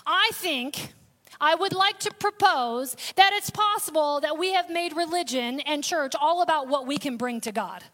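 A woman's voice: very high voice, sharp tone. A woman pastor, preaching a sermon with call-outs and sudden bursts of intensity.

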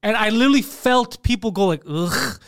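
A man co-hosting a casual podcast, telling animated stories in a high, quick voice. He acts out quotes and laughs through his own tales. The sound is close and dry. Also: no room sound. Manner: animated storytelling with acted-out quotes. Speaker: podcast co-host.

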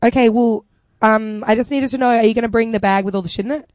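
A woman's voice: a little high, fairly even intonation, fast talker, darkish tone, dry recording. A woman co-hosting a comedy podcast, telling stories in casual chat with frequent giggles. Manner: chatty, giggly storyteller. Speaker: podcast co-host.

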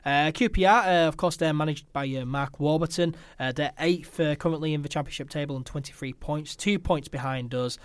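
A man's voice: a little high, a little fast, hardly any pauses, smooth, no room sound. A man hosting a casual football podcast, talking with many hesitant fillers. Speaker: podcast host. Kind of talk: football fan podcast chat.

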